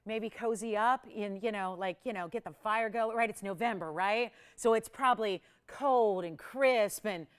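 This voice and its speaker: Broadcasting live from a television studio, a woman who lives in the Los Angeles area hosts a jewelry shopping show. Her medium-pitched voice moves at a normal speed, smooth and with hardly any pauses, as she keeps the on-air sales chat upbeat and laughs often.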